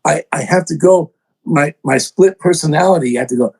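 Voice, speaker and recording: An older man, a songwriter and producer, telling animated stories in an interview, acting out other people's voices and poking fun at himself. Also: a little high, a little fast, vocal fry, husky, rough recording. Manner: excitable, acts out voices in quotes, self-mocking.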